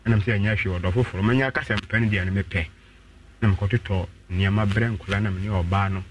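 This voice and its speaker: A man calling in to a radio show, telling his own story and acting out what others said with sudden jumps in pitch. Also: fairly even intonation, a little fast, distant mic, a little hiss or hum. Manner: acts out quoted voices with sharp pitch jumps.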